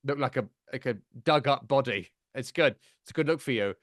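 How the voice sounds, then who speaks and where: A man's voice: medium pitch, a little fast, hardly any pauses, no room sound, clean studio sound. A man co-hosting a football podcast, talking in a casual, wry and teasing way. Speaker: podcast co-host.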